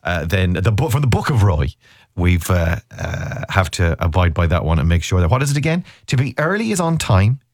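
A man's voice: low-pitched, big pitch swings, brisk, no echo, clean studio sound. A man in his thirties hosting a radio show, chatting casually with a co-host in a rambling, teasing way. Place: radio studio. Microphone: studio microphone.

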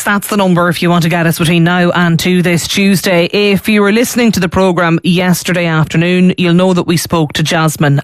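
High-voiced Irish radio host. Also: male voice, dry recording, clean studio sound. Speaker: radio talk show host. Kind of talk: live radio presenting. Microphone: studio microphone.

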